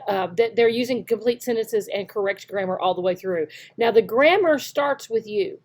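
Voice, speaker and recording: A woman with a Southern US accent gives an instructional talk as an online English teacher. She speaks emphatically and slows down to model example sentences clearly. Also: on the high side, darkish tone. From Southern United States.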